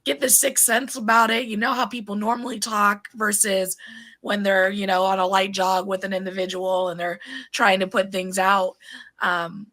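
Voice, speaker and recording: A woman hosting a podcast interview, chatty and quick to laugh, with plenty of fillers. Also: medium pitch, flat delivery, sharp tone. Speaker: podcast host. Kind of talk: casual interview chat.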